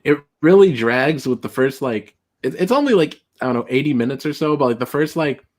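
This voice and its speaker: A man's voice: medium pitch, expressive, brisk, a little mellow. A man co-hosting a casual movie chat, rambling with lots of filler words and frequent laughter. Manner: rambling, laughs often, restarts lines. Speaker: podcast co-host.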